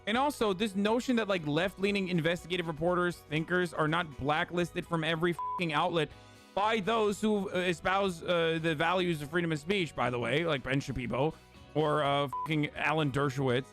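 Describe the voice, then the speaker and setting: Indignant, halting streamer man. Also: a little high, fairly bright tone. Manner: indignant, halting with fillers, profane. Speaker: streamer in an archive clip. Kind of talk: heated commentary. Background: faint music.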